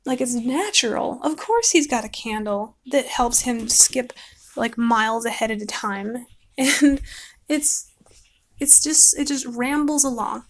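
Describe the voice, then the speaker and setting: A woman's voice: fairly high pitch, a little slow. Chatty woman rambling about a book. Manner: chatty, rambling, laughs often. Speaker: book vlogger. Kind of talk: casual rambling book talk while painting.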